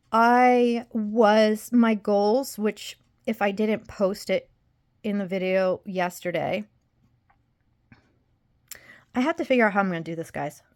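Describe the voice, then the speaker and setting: A woman's voice: medium pitch, a little slow, a little mellow. A young adult woman vlogging casually to her viewers, rambling and emotional as she drifts between topics. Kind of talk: casual chat to camera.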